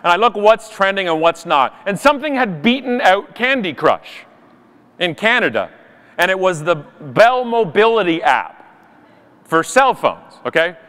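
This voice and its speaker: A man giving an animated, jokey conference keynote from a stage. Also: high-pitched, measured pace, clean tone. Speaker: conference speaker. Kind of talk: keynote talk. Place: large conference hall. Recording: long hall reverb.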